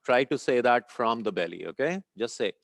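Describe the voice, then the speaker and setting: A man guides a small group through a breathing and Om chanting exercise. He explains each step patiently and keeps checking in with the class. His voice has an average pitch and is recorded close and dry, with little room sound. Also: moderate pace, creaky, no echo. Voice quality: sweating, a little warm. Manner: calm, instructive, checks in often with "okay?". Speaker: meditation teacher.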